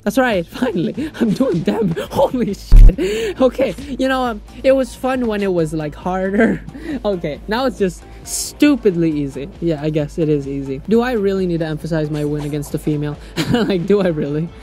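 A young man calling out a mobile fighting game in let's play commentary. He jokes crudely and bursts into loud, excited shouts, his pitch swinging widely. Quiet game music plays underneath. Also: normal speed. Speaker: gaming YouTuber.

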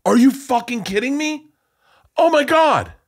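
A man hosting a podcast in casual chat, excitable, laughing hard and swearing often. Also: very high voice, a little slow, breathy edge. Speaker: podcast host.

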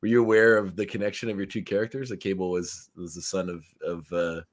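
A man's voice: low voice, level tone, fast talker. A man hosting a podcast interview, asking questions in an eager, encouraging way. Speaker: podcast host. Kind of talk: casual interview chat.

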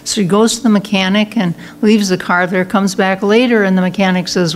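A woman's voice: mid-range voice, steady tone, moderate pace. Woman minister, Sunday talk, chatty storyteller, faint room hum. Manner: conversational storytelling with fillers and restarts. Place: church sanctuary.

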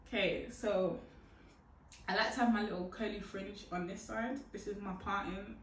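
A young woman chatting casually through a hair how-to, playful and breezy, with sudden loud whoops. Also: medium pitch, fairly even intonation, a little fast, a little hiss or hum. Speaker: hair tutorial vlogger. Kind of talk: casual how-to chat to camera. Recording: echoey room from a distant mic.

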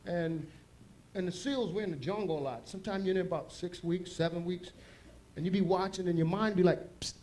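A man's voice: high voice, a little fast, dark tone, a little hiss or hum. A man doing a stand-up comedy set on a club stage, telling loose, rambling stories with asides.

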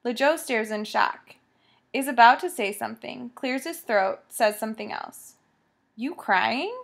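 A woman's voice: fairly high pitch, moderate pace, vocal fry. Woman narrating a story. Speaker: audiobook narrator.

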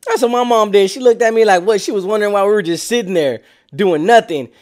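A man in his twenties tells a story in loose slang, lively and a little higher-pitched than most men. He throws in sound effects and acts out the other people as he goes. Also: quick pace. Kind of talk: casual storytelling.

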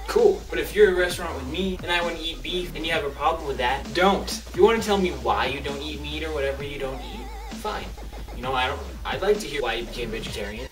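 A young man hosting a comedic list vlog, sarcastic and animated, acting out little scenes as he goes. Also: a little high, far from the mic. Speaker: vlogger. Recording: slightly off-mic, clear background music.

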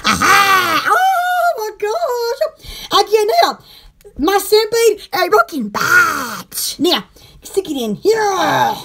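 A woman hosting a casual live-stream shopping chat, excitable and giggly, often humming, cooing and blowing kisses to viewers. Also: very high-pitched, slow pace.

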